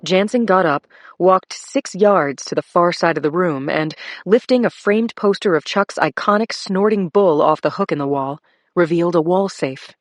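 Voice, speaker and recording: A woman narrating a crime thriller audiobook in first person, steady and measured. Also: on the low side, no echo, studio quality.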